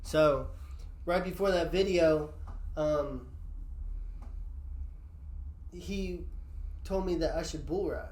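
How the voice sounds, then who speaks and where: A man's voice: fairly high pitch, slow pace, pauses often, a little mellow. A man hosting a podcast who tells a wild story in casual chat, swearing freely and laughing as he talks. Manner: swears a lot, laughs while telling stories. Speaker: podcast host.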